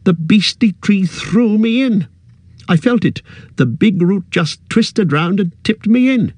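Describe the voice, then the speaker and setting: Storybook hobbit, young and panicky, high and pleading, put on by a male reader. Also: animated, measured pace, a little mellow, no echo. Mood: indignant.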